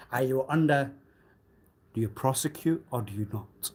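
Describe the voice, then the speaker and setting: A man on a live stream delivering a rambling, accusatory monologue, swinging between loud outbursts and low muttering. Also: lively intonation, normal speed. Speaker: livestreamer.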